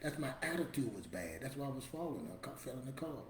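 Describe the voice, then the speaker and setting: A middle-aged man gives a casual motivational talk, driving his points home by repeating them in plain, colloquial speech. His voice sits at an ordinary male pitch. The sound is roomy and echoey, with a faint ambient hum behind him. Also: big pitch swings, fast talker. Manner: emphatic, repetitive, colloquial, preachy. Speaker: motivational show host.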